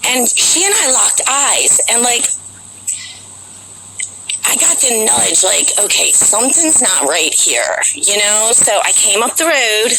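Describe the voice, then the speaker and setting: A woman's voice: fairly high pitch, sing-song, takes it slowly, gravelly, noisy background. A woman vlogger telling a long personal story to her viewers in a rambling, chatty way, full of fillers, outdoors near a capitol building. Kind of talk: casual storytelling to camera.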